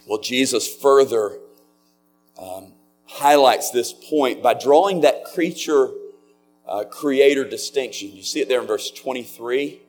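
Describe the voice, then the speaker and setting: Man, pastor, sermon, earnest, slows to stress words, mid pitch, soft music behind.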